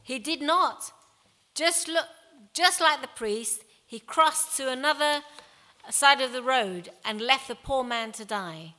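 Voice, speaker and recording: A woman voicing a kindly male teacher telling a parable, gentle and expressive, with long hall reverb. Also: high-pitched, slow, pitched above the performer's own voice, exaggerated voice. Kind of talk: reading a Bible story aloud.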